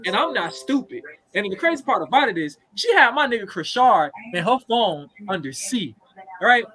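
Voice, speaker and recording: A man's voice: sits high, fairly bright tone, low-quality recording. A man in his thirties telling a story in casual, profane chat as a podcast co-host. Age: 30s.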